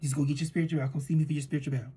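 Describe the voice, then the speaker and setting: A woman tarot reader in a casual spiritual monologue, fervent and preachy, swinging between loud declarations and hushed asides. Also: low-pitched, fairly even intonation, rapid-fire, slightly rough.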